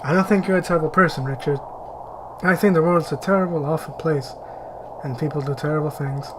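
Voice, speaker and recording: A man reading the lines of a weary, bitter young woman survivor aloud from a game in a quiet, flat, tired voice. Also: a little high, brisk, noisy background, lightly acted.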